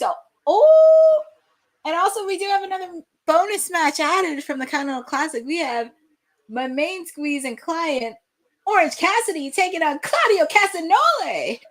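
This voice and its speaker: An excitable young woman hosts a live watch-along, talking through the action as it happens. Her voice sits fairly high and swings widely up and down, and she breaks into shouts when the action peaks. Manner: excitable, bursts into shouts at big moments.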